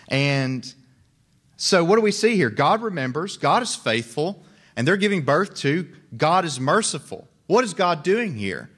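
Male pastor, young adult, sermon delivered in a chatty tone with light jokes, voice sits a little high. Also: fairly bright tone. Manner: conversational, joking asides.

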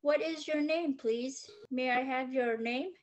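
A woman's voice: high-pitched, measured pace. A woman voicing an earnest, eager young storybook pig who pleads politely.

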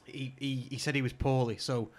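A man's voice: medium pitch, flat delivery, brisk. A man chatting on a podcast and eagerly cutting in. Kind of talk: casual podcast chat.

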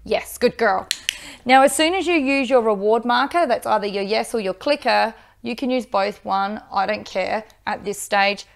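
An upbeat woman, teaching dog training and giving loud bursts of praise into a microphone. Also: on the high side, moderate pace, vocal fry. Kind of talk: instructional video with live dog training.

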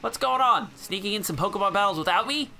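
A man voicing an eager, boastful teenage boy rival from a game, upbeat and quick. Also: high-pitched, expressive, bright, forceful tone, soft background music, voice pushed up, exaggerated voice.

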